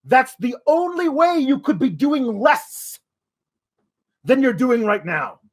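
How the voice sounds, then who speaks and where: A man's voice: very high voice, big pitch swings, slow pace. A man hosting a wrestling podcast, delivering an exasperated rant full of swearing. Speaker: wrestling news podcast host.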